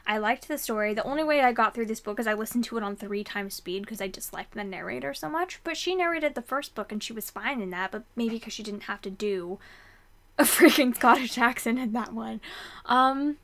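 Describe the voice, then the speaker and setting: A young woman chatting casually about books she read, rambling with fillers and quick restarts. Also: a little high, fairly bright tone. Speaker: book vlogger. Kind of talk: casual book review chat.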